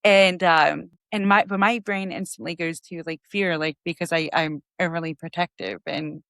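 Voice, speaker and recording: Earnest woman, low voice, dry mic. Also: steady tone, moderate pace, a bit bright, no room sound. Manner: earnest, self-reflective, many fillers. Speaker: podcast co-host. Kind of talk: casual chat.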